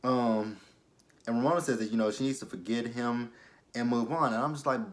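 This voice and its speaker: A man's voice: mid-range voice, fast talker. A young adult man casually recapping a TV episode for his vlog, chatty and full of fillers, breaking into exaggerated reactions. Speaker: TV episode reviewer.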